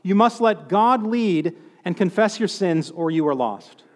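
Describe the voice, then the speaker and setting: A man's voice: sits high, animated, measured pace, long reverb tail. A man preaching a sermon in a conversational way, with joking asides.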